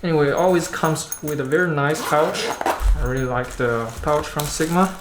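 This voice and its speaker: A man doing a casual unboxing vlog about camera gear, chatting in a halting way and thinking aloud as he handles the lens. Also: fairly high pitch, noisy background. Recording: roomy echo.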